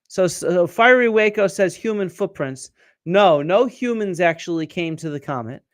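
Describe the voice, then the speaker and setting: A middle-aged man hosts a live-stream science chat, explaining things step by step and quizzing his viewers. His voice sits high and sounds smooth and resonant, with plenty of fillers and restarts. It is recorded dry and close to the mic. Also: animated, moderate pace, no echo. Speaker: archaeologist and show host.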